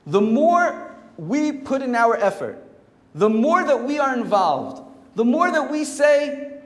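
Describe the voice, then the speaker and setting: A man, a rabbi, teaching a Torah class in a lively, animated way and acting out the quoted voices. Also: very high voice, slow. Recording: echoey hall with long reverb.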